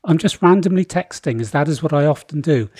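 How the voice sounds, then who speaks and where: A man's voice: on the high side, animated, a little fast, darkish tone, breathy edge, no room sound, studio quality. A man voicing an overly helpful, shifty innkeeper in an ingratiating tone.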